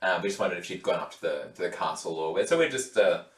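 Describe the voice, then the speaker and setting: A man's voice: deep voice, expressive, fast. A man playing a tabletop game, with dry, hesitant asides. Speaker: player. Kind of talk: casual tabletop game play. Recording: roomy, distant mic.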